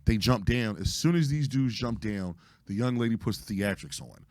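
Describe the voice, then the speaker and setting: A man with a hoarse, lowish voice tells a story, animated and full of cursing. He acts out the lines of the people in it. The sound is dry and close. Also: moderate pace, few pauses, no room sound. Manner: animated, profane retelling with acted-out quotes. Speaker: podcast host. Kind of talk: casual storytelling.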